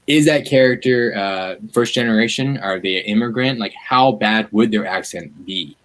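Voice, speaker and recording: A man speaking as a guest on a livestream, talking in an animated, rambling way with many fillers and restarts, heard over a video call. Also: on the low side, moderate pace, poor audio. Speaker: guest, media activist. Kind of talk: livestream conversation.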